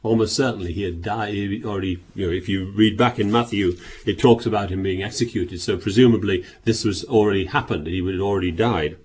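A man's voice: fairly low pitch, brisk, hardly any pauses, slightly rough. A man preaching a sermon, reading scripture aloud and pressing his points with rhetorical questions and repeated words.

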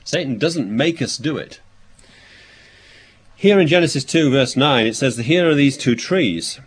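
Animated man preaching a scripture sermon. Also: mid-range voice, a little slow, slight background noise. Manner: expository, reads scripture aloud and explains it; thinking aloud with restarts and fillers.

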